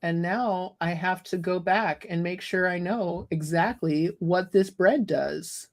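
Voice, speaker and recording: A woman running a tabletop game, talking slowly and easily with plenty of fillers. Her voice sits a little low. She keeps the narration relaxed and chatty. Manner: chatty, laughing, many fillers. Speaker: game master.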